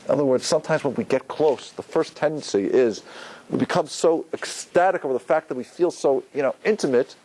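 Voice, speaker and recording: Man, rabbi, informal Torah class, chatty, lots of fillers, mid-pitched voice. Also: a little fast, a little mellow, poor audio. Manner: conversational, loose with fillers, acts out quotes with a rising voice.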